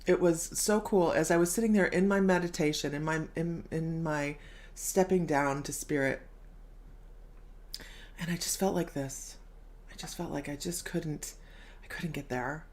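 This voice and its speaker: A woman's voice: low voice, unhurried, darkish tone. A middle-aged woman hosting a casual live stream as a psychic medium, bubbly, laughing often and reading viewer comments aloud.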